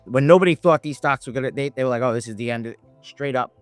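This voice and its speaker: A man's voice: medium pitch, fast, dry recording, soft background music. A man speaking as a podcast guest, telling a story in casual conversation, rambling with many restarts and voicing the people in it. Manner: rambling, many restarts, acts out quoted dialogue. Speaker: podcast guest, options trader.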